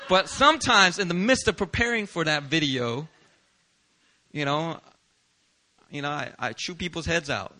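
A Philadelphia pastor delivers a sermon in a bright, rather high voice. He's animated and pokes fun at himself, laughing quickly as he preaches.

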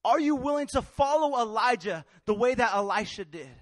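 High-voiced animated male preacher. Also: moderate pace, dry recording. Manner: animated, colloquial, acts out Bible characters in street slang. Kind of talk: sermon.

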